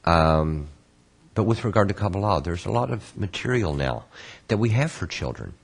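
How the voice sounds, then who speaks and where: A man teaching an online course, patiently answering student questions and explaining terms slowly with repetition. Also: low voice, expressive, creaky, breathy edge. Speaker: Kabbalah course instructor.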